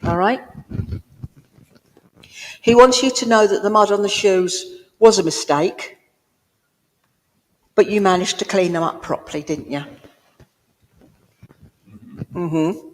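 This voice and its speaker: A woman's voice: medium pitch, unhurried, long pauses. A woman giving a spiritualist mediumship reading in a village hall, chatty and down-to-earth, talking directly to a listener. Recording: long hall reverb.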